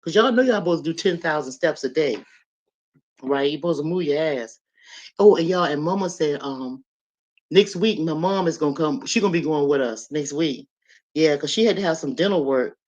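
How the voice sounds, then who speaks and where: In a muffled recording, a live-stream host in her 60s addresses her viewers directly and casually. She speaks at a moderate pace in a low voice, lively and often laughing.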